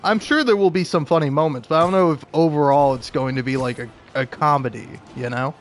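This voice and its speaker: A man's voice: fairly high pitch, fast. A young man talking casually about video games, rambling with lots of fillers and frequent laughs. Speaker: video game commentator.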